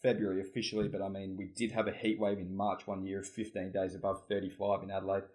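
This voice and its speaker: A man's voice: low voice, monotone, fast, a little mellow. A man with an Australian accent, a podcast guest chatting in a rambling, easygoing way. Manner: easygoing, rambling, laughs often. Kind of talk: casual chat.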